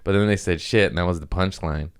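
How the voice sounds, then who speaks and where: A deep-voiced male comedian rambles through a loose, profane monologue on his podcast. His voice is low and smooth, and he keeps chuckling at his own jokes. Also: fast.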